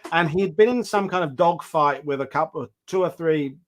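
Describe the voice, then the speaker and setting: A man with a slightly higher-than-usual voice hosts a history chat over a video call. He tells stories in an animated, rambling way and keeps restarting his phrases. The style is casual and anecdotal. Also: normal speed. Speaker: host.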